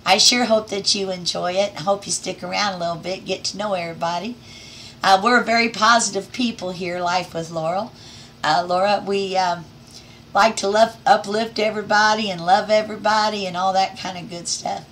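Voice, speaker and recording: Brief: middle-aged woman, livestream host at home, bright tone, upbeat and affectionate, reads out chat names. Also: mid-range voice, fairly even intonation, normal speed, a little hiss or hum. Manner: cheerful, affectionate greetings to each viewer. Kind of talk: casual livestream chat reading out comments.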